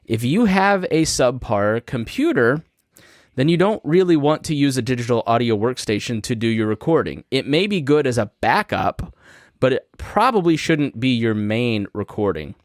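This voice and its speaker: A man's voice: mid-range voice, big pitch swings, moderate pace, dry recording. A man hosting a podcast, explaining a topic step by step in a casual, conversational way from his studio. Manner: conversational, walks through steps plainly. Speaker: podcast host. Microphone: studio microphone through a podcast mixing board.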